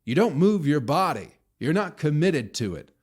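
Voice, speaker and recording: A man's voice: on the high side, very animated, normal speed, darkish tone. A man hosting his own podcast, rambling and ranting with heavy swearing and mocking impressions of people. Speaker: podcast host. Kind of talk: solo rambling podcast monologue.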